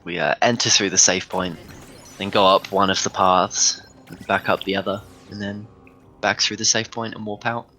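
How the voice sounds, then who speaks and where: Man, young adult, slightly low pitch, bright tone, casual joking speedrun commentary. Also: fairly even intonation, normal speed, low-quality recording. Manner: joking, rambling, reads chat aloud. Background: faint game music.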